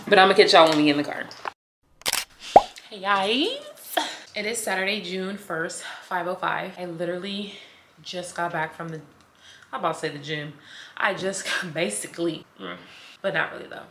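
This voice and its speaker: Young woman, low voice, girl-talk vlog chat, faint hiss. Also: moderate pace, long pauses, fairly bright tone. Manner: chatty, girlfriend-to-girlfriend talk, calls viewers girl and sis. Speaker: vlogger. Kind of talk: casual chat to camera. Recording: echoey room, faint noise.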